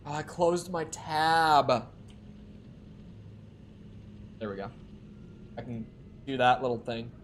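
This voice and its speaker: A man's voice: medium pitch, unhurried, slight background noise. A man streaming a video game, chatting casually, swearing freely and talking back to the screen as he plays. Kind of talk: casual live-stream gameplay commentary.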